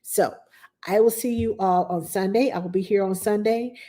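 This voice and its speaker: A woman's voice: mid-range voice, moderate pace, mellow. A middle-aged woman, a nanny chatting casually to her live-stream viewers, rambling with many fillers.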